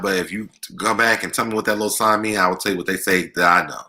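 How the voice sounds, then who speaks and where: A man's voice: deep voice, quick pace, sharp tone. A young man hosting a livestream, reading viewer comments aloud and answering them in a chatty, laughing way. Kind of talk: casual chat.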